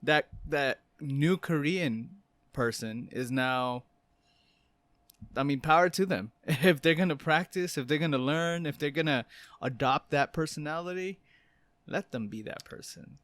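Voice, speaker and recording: A man's voice: fairly high pitch, a little slow, a bit bright, no room sound. A man co-hosting a casual podcast chat, laughing often and swearing offhandedly. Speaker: podcast co-host.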